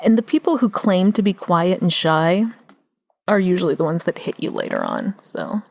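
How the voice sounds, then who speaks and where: Young woman, podcast co-host, sarcastic, lowish voice, dry close sound. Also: huge pitch swings, moderate pace, darkish tone, no echo. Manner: sarcastic, swears freely. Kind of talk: casual chat.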